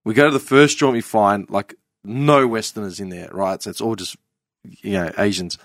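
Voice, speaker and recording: A man's voice: fairly low pitch, steady tone, moderate pace, a bit bright, no echo, clean studio sound. A man in his thirties telling brash travel stories in casual chat, swearing heavily. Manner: brash storytelling, heavy swearing.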